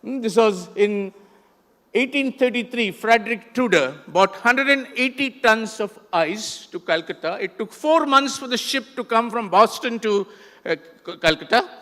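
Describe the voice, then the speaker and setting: A man's voice: high voice, animated, measured pace, pushed and bright. An older man with an Indian English accent giving a conversational talk to an audience, with frequent fillers and restarts. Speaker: festival speaker. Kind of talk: illustrated talk with slides. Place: large lecture hall. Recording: echoey hall with long reverb.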